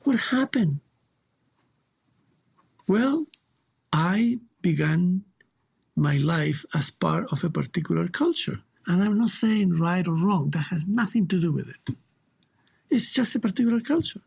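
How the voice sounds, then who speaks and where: A man's voice: high voice, lively intonation, measured pace, creaky, long pauses, darkish tone, slightly rough. A man with a Chilean Spanish accent, a guest teacher speaking reflectively and emphatically in an interview, often repeating words for stress.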